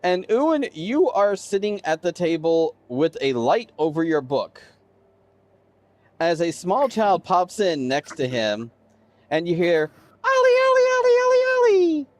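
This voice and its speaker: A man narrating as game master of a tabletop game, describing scenes in an animated way and addressing players by their characters' names. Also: fairly high pitch, slow pace, dry recording.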